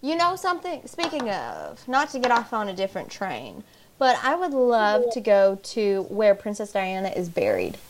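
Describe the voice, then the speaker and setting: Her mid-range voice swoops wildly in pitch at a normal speed. She's a young podcast co-host whose casual chat is giggly, rambling, and blunt.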